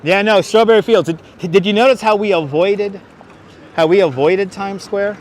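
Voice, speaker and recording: His voice sits high and a little mellow, moving at normal speed, as this Brooklyn, New York man narrates a live walking tour outdoors on busy city streets. Chatty and rambling, he answers chat questions aloud and adds jokey asides. Recorded with a wireless clip-on mic and a phone on a gimbal, the audio has a little hiss or hum.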